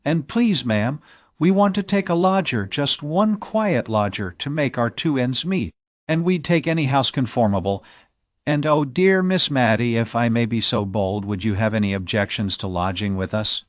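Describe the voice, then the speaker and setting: A man reading an audiobook, voicing an eager, bold young maidservant with rustic country speech and a quick, pleading manner. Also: mid-range voice, expressive, no room sound, close to an everyday voice. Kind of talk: audiobook character voice.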